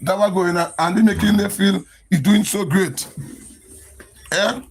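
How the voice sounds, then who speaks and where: A man's voice: high voice, unhurried, a little hiss or hum. A man with a Grenadian accent ranting on a live social media stream, emphatic and repetitive, sounding exasperated.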